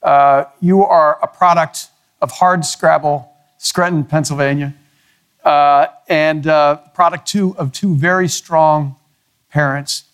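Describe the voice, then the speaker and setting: A male interviewer opens with a formal question. He speaks in a measured, deliberate way, pausing on fillers. His voice sits a little high for a man. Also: steady tone, clean tone.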